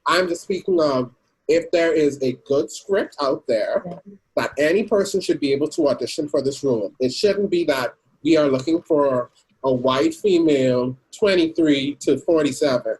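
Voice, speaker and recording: Husky-voiced man steering a debate. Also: on the high side, normal speed, darkish tone, poor audio. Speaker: podcast host. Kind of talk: casual group discussion.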